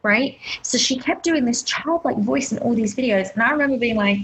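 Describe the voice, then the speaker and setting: A woman co-hosting a casual podcast, her voice sitting a little high and leaping up when she gets indignant. She talks loosely and animatedly, with a faint noise in the background. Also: fairly quick, low-quality recording. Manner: animated, rising pitch when worked up. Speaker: podcast co-host.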